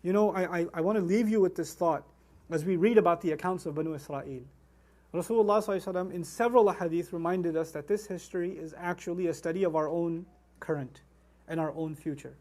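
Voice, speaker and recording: A man giving a Quran lecture, animated, with emphatic outbursts, acted quotes and rapid Arabic recitation. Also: sits high. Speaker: Quran teacher.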